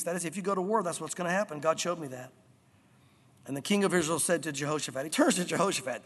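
Animated high-voiced male preacher. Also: fast. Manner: animated, emphatic, enthusiastic. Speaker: pastor. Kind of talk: sermon. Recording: long hall reverb.

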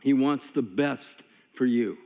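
A man's voice: medium pitch, takes it slowly, darkish tone. A man preaching a sermon in a folksy, conversational way, telling stories with many asides. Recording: long hall reverb, dull lo-fi sound.

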